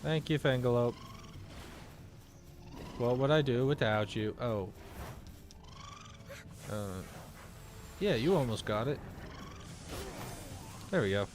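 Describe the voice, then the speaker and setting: A man's voice: medium pitch, slight background noise. An American man chatting casually through a let's-play, rambling from thought to thought and talking to the game's characters. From United States. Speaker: gaming video creator.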